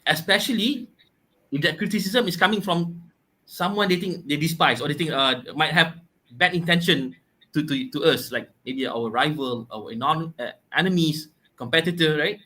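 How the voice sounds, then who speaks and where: A man explains scripture in a relaxed podcast chat. His voice is fairly high and bright. He stops often, repeats himself, and reaches for homely examples. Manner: halting, repeats words, explains with everyday examples. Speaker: podcast co-host explaining a Quran chapter. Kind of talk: casual religious discussion.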